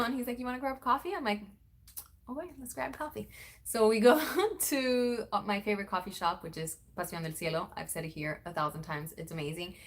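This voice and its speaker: A young woman vlogger chatting casually, acting out quoted lines with big jumps in pitch. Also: a bit bright. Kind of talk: casual storytelling chat.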